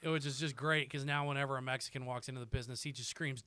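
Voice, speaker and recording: A man's voice: medium pitch, rapid-fire, clean tone, no room sound. A man in his thirties, a comedian guest on a podcast, telling stories animatedly with lots of swearing and acted-out voices. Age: 30s. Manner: animated storyteller, profane, acts out quoted voices. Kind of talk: casual podcast chat.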